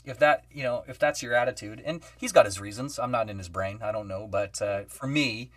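Animated man telling stories. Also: medium pitch, fairly quick, no room sound, recorded from a distance. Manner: animated storyteller, acts out quoted voices, many fillers. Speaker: guest musician. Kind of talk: casual podcast storytelling.

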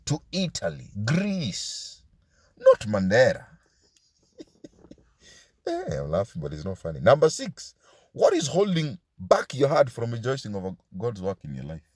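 A man's voice: mid-range voice, wildly swooping pitch, normal speed, pauses often, a little mellow, breathy edge, no echo. A male pastor delivers a sermon, his voice rising and falling with real animation. He drives his points home with rhetorical questions and slips into Swahili asides. The recording is dry, with no room sound around him.

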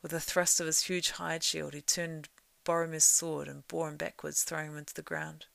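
Reading from a novel at normal speed, a woman with a low, gravelly voice keeps her narration steady and lets it build when the action picks up. The recording is dry and close, with no room ambience.

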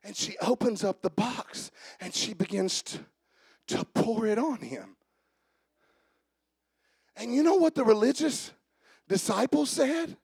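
A male pastor preaching a sermon, telling stories and repeating phrases for emphasis, moving from quiet asides to fervent shouting. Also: sits high, sing-song, a little slow, creaky, pauses often, breathy edge, no echo.

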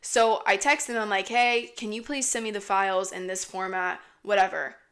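A woman's voice: mid-range voice, normal speed. Profane young woman telling a rambling story. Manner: profane, rambling, animated retelling. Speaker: podcast host. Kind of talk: casual storytelling.

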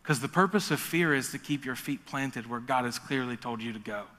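A man preaching a sermon as pastor, in an energetic, joking manner. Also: mid-range voice, fairly quick, in a large hall.

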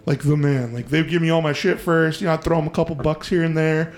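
A man hosting a podcast, telling a story in a casual, profane, animated way and acting out the voices he quotes. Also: a little high, fast talker. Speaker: podcast host.

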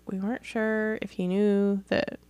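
A woman's voice: mid-range voice, little pitch movement, measured pace, darkish tone, clean tone, no room sound. A woman co-hosting a podcast, chatting casually and teasing while retelling little arguments. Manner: teasing, retells quarrels with quoted voices. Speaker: podcast co-host. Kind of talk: casual chat.

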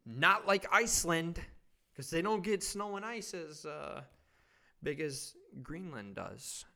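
Gravelly, rambling Midwestern young man. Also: a little high, expressive, slow, sharp tone. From Wisconsin. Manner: rambling, swears constantly, self-mocking. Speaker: podcast host. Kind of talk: comedic solo podcast rant.

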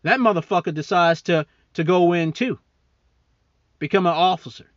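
A man's voice: high-pitched, normal speed, no room sound, muffled recording. A man hosting a podcast, ranting angrily about politics with heavy profanity and mocking asides; he talks as a serving military member. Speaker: podcast host. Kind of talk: angry political rant.

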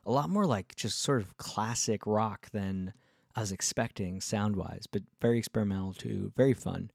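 A male musician vlogger telling a casual story in a rambling, excitable way, full of fillers and restarts. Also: on the low side, moderate pace, creaky, dry recording, clean studio sound.

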